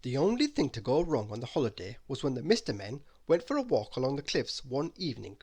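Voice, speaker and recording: A man reading a bedtime story aloud in an expressive, lively way. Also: mid-range voice, fairly quick, breathy edge.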